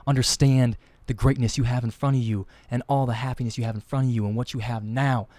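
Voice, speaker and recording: Fast-talking earnest male podcast host. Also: medium pitch, fairly even intonation, a little mellow, no echo. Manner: earnest, rambling, repeats and restarts words. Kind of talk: casual chat.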